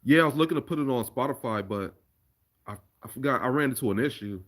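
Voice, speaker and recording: A man's voice: medium pitch, lively intonation, fast talker. Rambling casual man on a live stream. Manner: rambling, conversational, restarts often. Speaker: live stream host making fight remixes. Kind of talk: casual live chat reading viewer comments.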